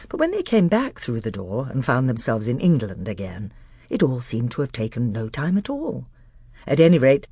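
Low, husky woman reading a storybook. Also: dry recording, clean studio sound. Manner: expressive storytelling. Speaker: narrator. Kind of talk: audiobook reading.

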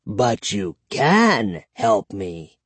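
A man voicing an ancient, withered male vampire who speaks in a slow, drawn-out murmur for an audiobook. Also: on the low side, huge pitch swings, slightly rough, no echo, pitched below the performer's own voice, heavily acted. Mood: commanding. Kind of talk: audiobook reading.

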